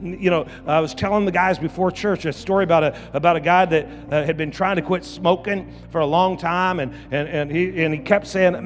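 A high-pitched male pastor preaching in a church, his voice carrying through a long, echoing hall. He circles back on his phrases and climbs into shouting, with soft music under him. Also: brisk, hardly any pauses. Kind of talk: sermon.

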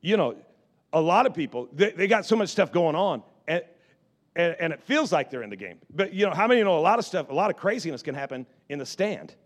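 A male pastor with a fairly high voice telling a lively story from the pulpit. He talks in an animated way, stumbles over his restarts, and piles up repeated words. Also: brisk. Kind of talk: storytelling sermon.

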